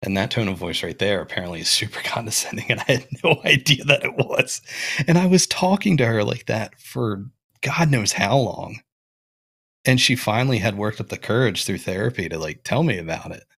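A man's voice: on the low side, lively intonation, fairly quick, creaky, pushed and bright, breathy edge. A young man hosting a casual podcast, thinking aloud as he talks, with frequent restarts and fillers. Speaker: podcast host.

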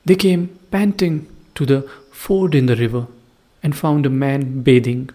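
Slow, deliberate male storyteller. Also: medium pitch, warm tone. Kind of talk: storybook narration.

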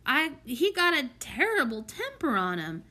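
A woman voicing a quick, restless young runaway boy who speaks briskly and eagerly in a storybook reading. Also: sits high, big pitch swings, pushed and bright, voice pushed up, full character voice. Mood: worried.

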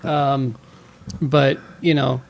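Rambling man with a gravelly voice. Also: medium pitch, little pitch movement, drawn-out words. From California. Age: 30s. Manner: rambling, many restarts and self-interruptions. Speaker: podcast co-host. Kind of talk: casual podcast chat.

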